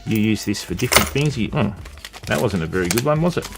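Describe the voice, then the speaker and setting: A man's voice: fairly low pitch, animated, fast, creaky, over loud music. A man with an Australian accent hosting a casual live stream, chatting and greeting viewers while he works with his hands.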